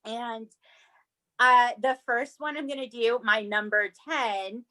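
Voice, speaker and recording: A woman's voice: on the high side, takes it slowly, pushed and bright. A woman co-hosting a casual true-crime podcast, chatty and laughing often. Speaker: podcast co-host. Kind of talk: casual chat.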